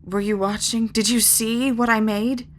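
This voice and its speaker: A woman's voice: a little high, fairly even intonation, unhurried, slight background noise, lightly acted. A woman voicing a proud, moody male wandering magician in a storybook reading. The voice stays earnest and clipped. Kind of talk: audiobook character reading.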